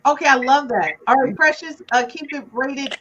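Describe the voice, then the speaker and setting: Woman, high voice, podcast host, brisk, muffled call audio, faint hiss. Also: a bit bright. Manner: brisk, moves guests along. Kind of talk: casual chat, game host.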